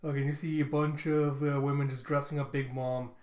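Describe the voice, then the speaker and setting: A man's voice: medium pitch, little pitch movement, a little fast, a little mellow. A young man casually narrating comic panels aloud, laughing and jumping into character voices. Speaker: comic reviewer. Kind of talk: casual comic read-along. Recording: echoey room.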